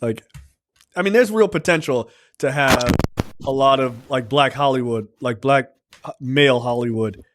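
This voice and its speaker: A man's voice: mid-range voice, normal speed, background noise. A man co-hosting a podcast, rambling in casual chat with lots of filler words. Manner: rambling, many fillers, laughs easily. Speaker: podcast co-host.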